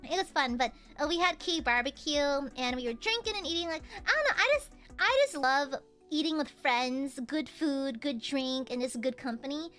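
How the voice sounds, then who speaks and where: A woman streamer telling a story in casual chat, animated, laughing often and swearing casually. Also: high voice, normal speed, hardly any pauses, faint music behind.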